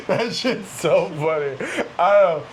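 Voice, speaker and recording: Animated, playful man chatting. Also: high voice, slow, heavy background noise. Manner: playful, laughs often, animated. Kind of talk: casual chat.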